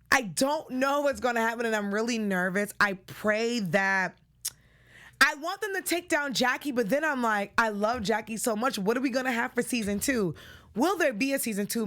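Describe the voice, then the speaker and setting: A young woman from the Boston area with a Boston accent, hosting a solo TV recap show in a chatty, excitable way, full of shout-outs. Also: mid-range voice. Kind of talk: casual chatty episode recap.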